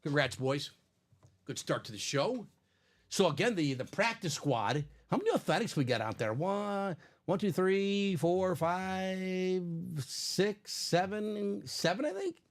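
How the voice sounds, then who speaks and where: Man, Chicago accent, slightly high voice, lively pitch, chatty live-stream host. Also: a little slow. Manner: chatty, animated, laughs often. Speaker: sports card break host. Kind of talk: casual live-stream chat.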